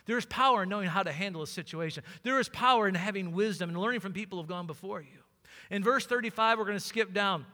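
A man's voice: high-pitched, bright, forceful tone, big-room sound. A man preaching a sermon as pastor, building fervor and acting out scripture scenes.

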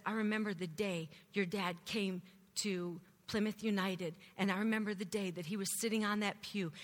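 Bright-voiced woman giving testimony. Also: mid-range voice, in a large hall. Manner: animated storytelling, acting out her teenage self. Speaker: speaker giving a church testimony. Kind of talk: testimony sermon.

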